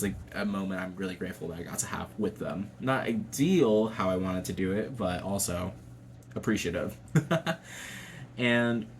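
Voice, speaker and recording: Lively young man with a low voice. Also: slight background noise. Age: young adult. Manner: chatty, swears freely, laughs often. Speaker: vlogger. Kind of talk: casual personal storytelling.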